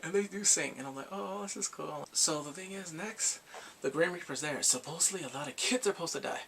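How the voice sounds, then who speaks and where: A man recapping a drama episode in a casual, excited way, acting out the characters' lines and his own reactions. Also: a little high, quick pace, a little hiss or hum. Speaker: drama reviewer.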